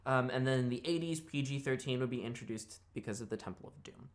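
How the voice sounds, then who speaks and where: A woman's voice: a bass voice, quick pace. A woman co-hosting a podcast, reading prepared history notes with loose, casual asides and swearing. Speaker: podcast co-host.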